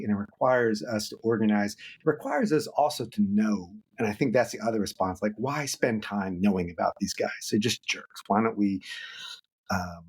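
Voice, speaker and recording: A middle-aged man, an author and guest in a podcast interview, talking in an animated way. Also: mid-range voice, creaky, husky. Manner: animated, acts out quoted voices.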